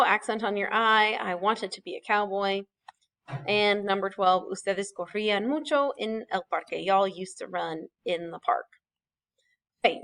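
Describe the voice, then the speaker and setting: A woman's voice: medium pitch, fairly bright tone. A woman, teaching a recorded classroom lesson in a patient, explanatory way, with fillers and small self-corrections. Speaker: Spanish teacher.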